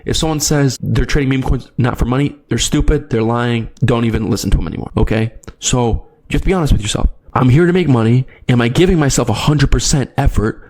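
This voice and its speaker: Fast-talking man giving a pep talk. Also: mid-range voice, a little mellow. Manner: urgent, repetitive direct address, frequent tag questions. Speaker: trading video host. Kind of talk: motivational monologue to camera.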